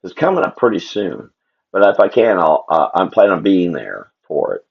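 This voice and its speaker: A man's voice: sits low, wildly swooping pitch, normal speed, vocal fry, breathy edge. A man chatting casually and rambling to himself and his viewers while he draws on a live stream. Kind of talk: casual livestream chat while drawing. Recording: dull lo-fi stream audio.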